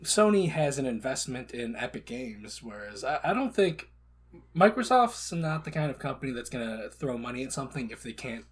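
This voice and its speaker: A man co-hosting a casual podcast chat, joking and swinging between loud and soft. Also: medium pitch, sing-song, moderate pace, husky. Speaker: podcast co-host.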